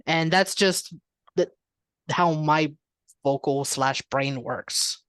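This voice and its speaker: Lower-voiced woman on a podcast, calm and thoughtful, dry close sound. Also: slow, no echo. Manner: calm, reflective, explains thoughtfully. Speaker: podcast co-host. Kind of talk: casual podcast chat.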